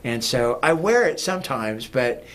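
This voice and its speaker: A man's voice: medium pitch, big pitch swings, measured pace, fairly bright tone, a little hiss or hum. A man talking as a guest in a casual interview, rambling with many fillers and restarts. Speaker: guest, music producer.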